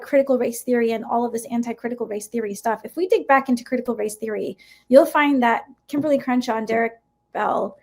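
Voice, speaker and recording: A middle-aged woman from the United States, a guest educator in a podcast interview, speaking in an impassioned, emphatic way and often adding a rhetorical "right?". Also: fairly high pitch.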